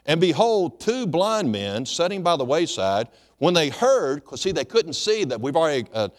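Lively, emphatic male preacher in a reverberant hall. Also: a little high, moderate pace. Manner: emphatic preaching with repeated phrases and rhetorical questions. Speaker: pastor. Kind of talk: sermon.

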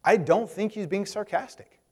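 A man's voice: sits high, normal speed, long reverb tail. A man preaching a conversational sermon, acting out the voices of the people in his story. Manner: conversational, acts out voices of Bible figures. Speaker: pastor.

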